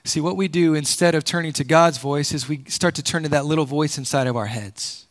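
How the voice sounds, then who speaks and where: Guy preaching a sermon, kinda high voice, gets loud then drops way down low. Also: a little fast. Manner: swings between loud emphatic peaks and low quiet drops; repeats words while building a point. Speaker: pastor.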